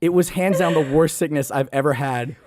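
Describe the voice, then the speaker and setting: A man from Texas telling stories on a podcast in a casual, animated way, swearing freely and acting out voices. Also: on the high side, fairly quick, heavy background noise. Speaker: podcast regular. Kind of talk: casual storytelling.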